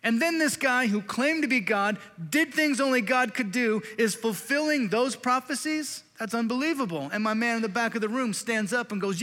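Guy preaching a sermon, high bright voice, chatty and animated, big echoey hall. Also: normal speed, few pauses. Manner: animated, conversational preaching with playful asides. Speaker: pastor. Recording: reverberant hall.

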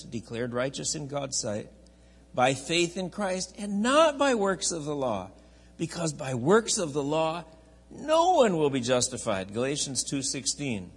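Male Bible-class teacher, husky, chatty and digressive, recorded in a reverberant hall. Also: a little high. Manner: chatty, digressive, with many restarts and asides. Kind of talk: church classroom teaching from an outline. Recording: echoey hall, long reverb.

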